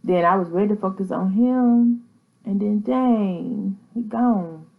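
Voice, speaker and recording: A woman's voice: mid-range voice, slow, gravelly, narrow, tinny audio. A woman hosting a casual commentary vlog, talking in a chatty, slangy way and laughing easily. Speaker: vlogger host.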